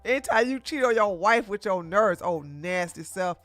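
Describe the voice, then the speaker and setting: A woman streamer talks through a show review in a loose, casual way. Her voice is bright and forward, and the sound is close and dry. She is animated, breaks into laughs often and keeps restarting her sentences. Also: medium pitch, normal speed, no room sound, soft background music. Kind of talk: casual livestream commentary.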